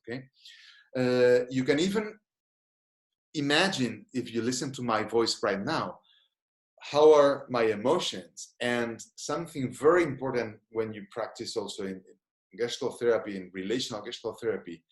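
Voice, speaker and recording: A man who is a therapist, giving an online seminar. He explains things thoughtfully and invites listeners to try short exercises. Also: medium pitch. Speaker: gestalt therapist teaching a seminar. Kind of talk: online webinar lecture. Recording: roomy echo.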